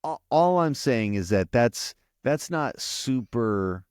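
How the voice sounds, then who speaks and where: A man's voice: medium pitch, expressive, slow pace, a little mellow, clear, resonant tone, no room sound, clean studio sound. A man co-hosting a casual podcast, recapping a TV episode in a rambling way with many restarts. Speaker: podcast co-host.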